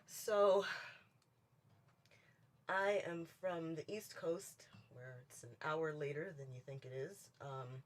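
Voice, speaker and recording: A woman's voice: low-pitched, takes it slowly. A woman from Baltimore and New York City, a musician, shyly introducing her songs over a video call. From United States, Baltimore and New York City. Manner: shy, apologetic. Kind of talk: casual introduction before a song.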